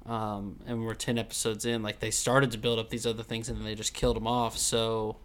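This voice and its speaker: A man's voice: lowish voice, little pitch movement, fairly quick, clear, resonant tone. Laid-back young man, rambling chat. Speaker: podcast co-host. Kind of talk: casual chat about an anime.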